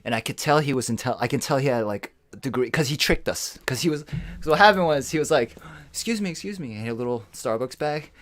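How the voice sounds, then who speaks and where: A man in a casual podcast chat, spinning a story with lots of energy and putting on the voices of the people in it. His voice sits at an ordinary middle pitch. The sound is dry and close, with no room around it. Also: quick pace, no echo. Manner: animated, acts out quoted voices, swears. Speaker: podcast co-host.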